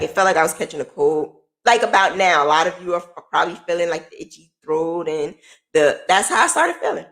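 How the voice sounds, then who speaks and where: A woman's voice: lowish voice, a bit bright. A middle-aged woman hosting a podcast, telling her own story in a candid, emotional way and swearing freely. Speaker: podcast host. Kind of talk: personal storytelling.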